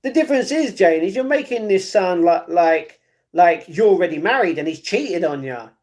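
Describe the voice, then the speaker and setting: A man's voice: sits high, lively intonation, moderate pace, a little mellow. A man chatting casually on a livestream and giving viewers blunt, repetitive advice. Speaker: streamer. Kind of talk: casual livestream chat, reading viewer comments.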